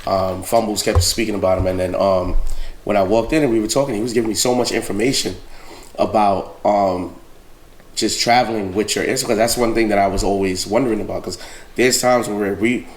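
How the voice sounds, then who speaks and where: A man co-hosting a podcast in casual chat, talking in a relaxed way and often checking in with "right?". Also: fairly low pitch, brisk. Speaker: podcast co-host. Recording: roomy echo.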